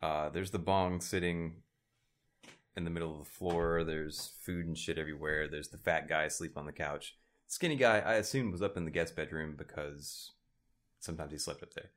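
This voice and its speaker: Deep-voiced man telling a crude story. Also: normal speed. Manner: profane, animated storytelling that builds to loud laughing bursts. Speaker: storyteller on a podcast. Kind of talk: casual chat.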